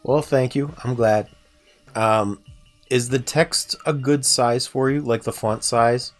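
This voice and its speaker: A man's voice: medium pitch, steady tone, slow. A young man streaming a game playthrough, chatting casually and asking viewers for feedback. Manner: chatty, asks chat for feedback. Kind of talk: casual livestream gameplay commentary. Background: faint game music.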